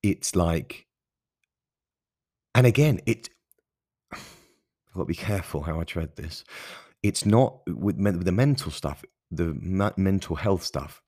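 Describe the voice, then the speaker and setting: Man, podcast host, deep voice, earnest, passionate, emphatic, solo monologue, dry close recording. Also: slow, pauses often, dark tone, dry recording.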